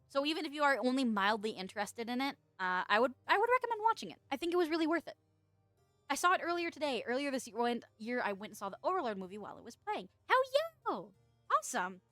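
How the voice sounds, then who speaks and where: A woman VTuber chats casually with her viewers on a livestream, rambling, laughing often, and swearing freely. Her voice is fairly high and a bit bright, with no echo.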